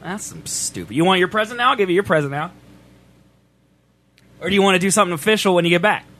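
A man's voice: high voice, lively intonation, fast, pushed and bright. A man co-hosting a livestream in casual banter, playful and laughing often as he talks to chat. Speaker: stream co-host.

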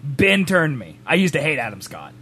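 Podcast host, male, bright lively delivery, playful and jokey. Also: a little high, moderate pace, slight background noise. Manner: laughing, jokey, puts on silly fake British accents. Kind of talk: casual chat reacting to a movie trailer.

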